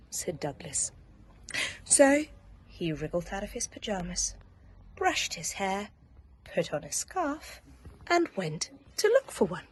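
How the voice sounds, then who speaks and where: Soft, breathy woman reading a bedtime story. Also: fairly low pitch, very animated, takes it slowly. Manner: soft, hushed and soothing, drifting into whispers.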